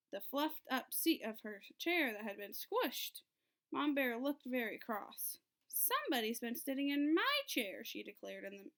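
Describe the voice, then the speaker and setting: A woman teacher reading a storybook aloud to children, in an expressive storytelling way. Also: fairly high pitch. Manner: expressive, sing-song storytelling.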